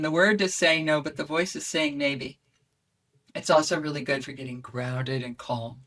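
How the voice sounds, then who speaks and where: A woman voice coach who is a guest on a podcast, talking in an expressive, animated way. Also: low voice, normal speed, far from the mic.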